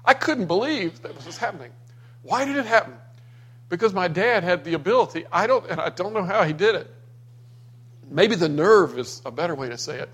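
A man's voice: sits high, expressive, a little fast, a bit bright, breathy edge. A man from Florida telling personal stories about his father to a small gathering, acting out what people said. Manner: anecdotal, acts out quoted people. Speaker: speaker sharing memories of his father.

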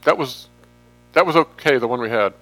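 A man's voice: mid-range voice, a little fast, fairly bright tone. A man giving a casual sermon from slides, chatty and joking, drifting off topic now and then. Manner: chatty, jokey, wanders off topic. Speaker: pastor.

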